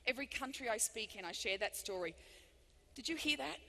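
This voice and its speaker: A woman giving a live motivational keynote speech, animated and emphatic, swinging between loud bursts and hushed lines. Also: on the high side, a little fast, creaky. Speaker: motivational speaker. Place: large hall before thousands of people. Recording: long reverb of a big hall.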